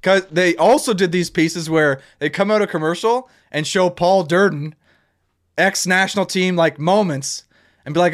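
A man hosting a casual sports chat, ranting in an animated, joking way. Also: high voice, moderate pace. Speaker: podcast host.

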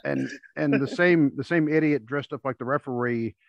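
A man's voice: mid-range voice, moderate pace, vocal fry, no echo. Rambling man, dull dry recording. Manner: rambling storyteller, acts out quotes. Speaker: podcast host. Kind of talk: casual chat.

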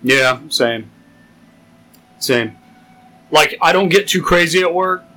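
A man's voice: a little high, lively intonation, slow pace, sharp tone, rough recording. A young man chatting casually on a podcast, blunt and joking with crude humor. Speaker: podcast co-host. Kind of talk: casual chat.

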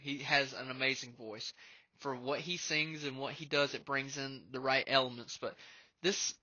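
A man's voice: mid-range voice, steady tone, moderate pace, sharp tone, no room sound. A man hosting a music podcast, talking earnestly and emotionally in a casual, rambling way. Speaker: podcast host. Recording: dull lo-fi sound.

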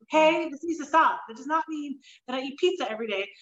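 Woman, podcast host, high voice, blunt, swears, rambling, echoey room, dull lo-fi call sound. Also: quick pace. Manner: animated, blunt, swears freely, rambling asides. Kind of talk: casual interview chat. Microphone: online call.

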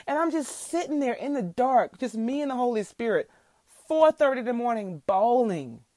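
A woman's voice: fairly high pitch, animated, moderate pace, warm tone, no echo. A woman hosting a faith podcast, telling a heartfelt testimony and teaching scripture in a preacherly way. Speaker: podcast host.

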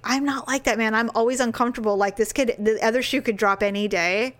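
A woman's voice: a little high, quick pace. A woman in her forties co-hosting a casual talk show, telling a story with lots of swearing and acted-out quotes. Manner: animated storyteller, swears freely, acts out quotes. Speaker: podcast co-host. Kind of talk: candid casual chat.

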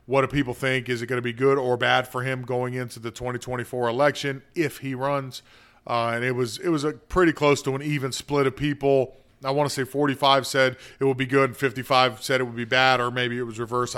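A man's voice: medium pitch, fairly even intonation, a little fast, fairly bright tone, clean tone. A man hosting a casual spoken monologue, rambling and self-deprecating, laughing easily as he talks. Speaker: show host.

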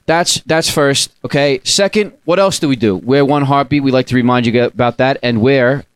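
A man's voice: mid-range voice, moderate pace, clear, resonant tone, no echo. Upbeat rambling male podcast host. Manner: upbeat, rambling with fillers and restarts. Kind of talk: casual podcast chat.

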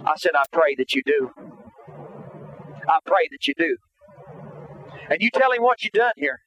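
A man's voice: fairly high pitch, sing-song, normal speed, muffled recording, slight background noise. A man preaching a testimony sermon, fervent and repetitive, building his emphasis as he goes.

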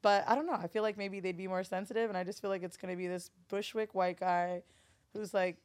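A woman's voice: medium pitch, steady tone, fairly quick. A woman from Florida, a podcast guest and studio owner, telling stories in casual conversation with blunt, profane humor and acted-out quotes. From Florida, USA.

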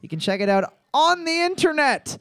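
A man's voice: extremely high pitch, big pitch swings, normal speed, creaky, fairly bright tone, no room sound, clean studio sound. A man hosting a live trivia night, cracking jokes and repeating each question. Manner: joking, reads questions twice, swears freely. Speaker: trivia host.

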